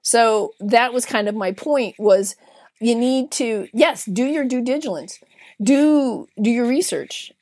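A woman's voice: on the high side, slow pace, darkish tone, no echo. Earnest woman dog trainer, dry sound. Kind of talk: casual podcast chat.

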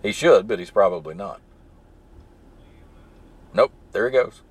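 Low-voiced man with a mild Southern accent. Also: expressive, a little slow, husky. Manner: rambling, easygoing, digressive. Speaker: podcast host. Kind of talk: casual solo storytelling while driving. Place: in his truck stuck in traffic.

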